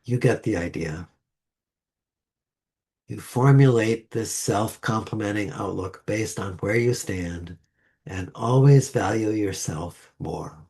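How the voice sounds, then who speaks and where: A man delivering a sermon to a congregation with a slow, measured delivery and deliberate pauses. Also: fairly low pitch, creaky, dark tone, slightly rough. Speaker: lay speaker. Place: church sanctuary.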